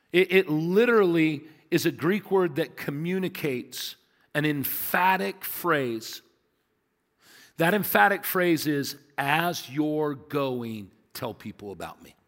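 A man's voice: fairly high pitch, a bit bright. A man in his fifties, a pastor, preaching a sermon with emphatic repetition and rhetorical questions in a large church. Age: 50s. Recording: long hall reverb.

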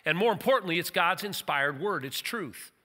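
A man's voice: sits high, animated, normal speed, bright, forceful tone, big-room sound. A middle-aged man preaching as pastor of his church, folksy and joking, with emphatic turns. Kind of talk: sermon. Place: church sanctuary.

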